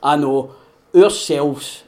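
A Scottish man hosting a podcast and preaching in a conversational way, animated, laughing often and acting out voices. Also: on the high side, extremely slow. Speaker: podcast host.

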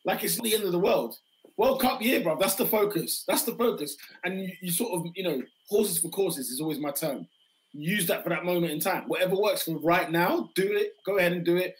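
A fairly high-voiced man with a hoarse, worn voice, talking football in a lively, emphatic way. He repeats his points and cuts in often. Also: fairly quick, low-quality recording. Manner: animated, interjecting, emphatic repetitions. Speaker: podcast host. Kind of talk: casual football chat.

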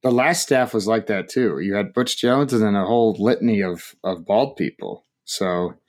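A man hosting a sports talk show, relaxed and quick to laugh. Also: lowish voice. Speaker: host. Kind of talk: casual sports chat.

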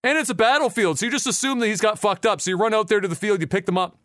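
A man hosting a casual gaming podcast, telling a profane, animated story. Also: high-pitched, racing, no room sound, clean studio sound. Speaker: podcast host.

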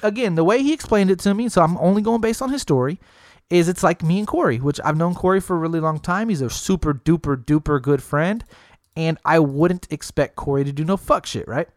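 A man with a fairly high voice tells a story in a relaxed, chatty way, jumping up even higher when he acts out his friends. The sound is close and dry, with no room around it. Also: a little fast, no room sound. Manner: animated, acts out quoted friends in a higher voice, lots of "like" and "bro". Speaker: storyteller in a casual chat. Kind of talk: casual storytelling chat.

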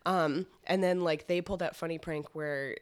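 A woman's voice: lowish voice, fairly even intonation, normal speed, clean tone. A woman chatting casually about a film, with many fillers and quoted reactions. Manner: filler-heavy, retells scenes with put-on quotes. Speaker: podcast guest.

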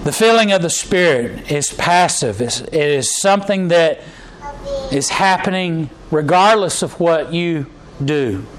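A man preaches a sermon. He talks to the congregation like he is chatting, restarting his sentences often and filling pauses with "uh.". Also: fairly high pitch, expressive, slight background noise, poor audio. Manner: conversational preaching with frequent restarts and fillers. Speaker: pastor.

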